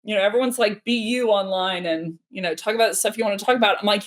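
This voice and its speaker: Animated woman in her thirties talking sales. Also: medium pitch, quick pace. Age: 30s. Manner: animated, nerdy, acts out quoted dialogue. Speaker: sales trainer hosting a live stream. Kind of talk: casual live-stream talk.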